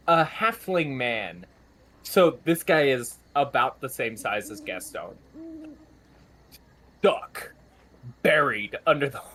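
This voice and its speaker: A young man running a tabletop game, his voice a touch high. He narrates slowly and haltingly, with plenty of fillers. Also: fairly bright tone. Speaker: game master.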